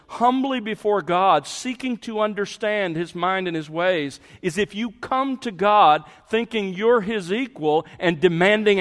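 Pastor, male, slightly high voice, slow deliberate sermon delivery, church hall reverb. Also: fairly bright tone. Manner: deliberate, emphatic preaching with rising confrontational questions. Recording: long reverb of a large hall.

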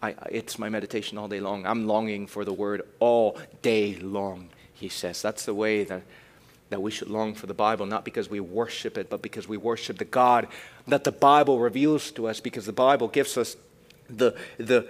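A young man preaching a youth sermon, shifting between loud emphatic bursts and quiet, reflective passages. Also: on the low side, normal speed. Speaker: youth pastor.

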